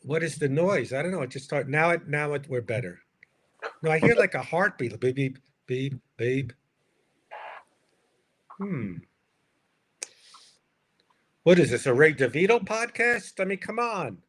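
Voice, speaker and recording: A man's voice: fairly high pitch, expressive, moderate pace, long pauses, a bit bright. Rambling self-deprecating male comedian. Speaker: comedian, stream co-host. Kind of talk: casual storytelling chat. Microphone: livestream video call mic. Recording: noisy stream audio.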